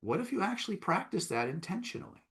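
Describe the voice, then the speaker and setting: A man's voice: sits high, very animated, fast talker, fairly bright tone. A man teaching a live online self-help session, coaxing and emphatic, often checking in with "right?" and "okay?". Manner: coaxing, repeats "right?" and "okay?", reads out chat replies.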